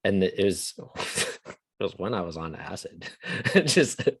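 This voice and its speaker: A man's voice: low-pitched, big pitch swings, slow, a bit bright, husky. A man co-hosting a casual podcast, joking along and often starting his sentences over. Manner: joking, stammering restarts, laughs often. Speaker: podcast co-host.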